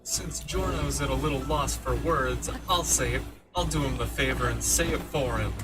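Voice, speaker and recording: A man reading chat messages aloud in a flat, measured delivery. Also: medium pitch, recorded from a distance, loud music behind the voice.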